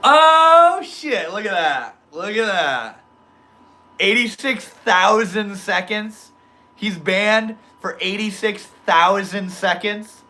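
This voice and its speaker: A man chatting on a casual livestream, reading comments out loud and cracking up at them. His voice sits a little high and sounds bright and forward. He talks loosely, full of slang, laughing easily. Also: slow pace. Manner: joking, laughs often, slangy. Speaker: livestream host reading chat. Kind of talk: casual live stream chat.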